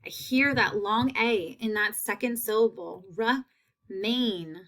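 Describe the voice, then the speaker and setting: Woman, teacher, phonics lesson, slightly high voice, unhurried, repeats words. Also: fairly bright tone. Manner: slow, repeats each word clearly.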